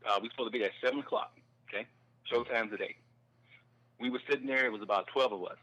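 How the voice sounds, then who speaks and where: A man telling a comedy-club story in a casual chat, animated and acting out the people he quotes. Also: mid-range voice, fast talker, muffled recording. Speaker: guest comedian.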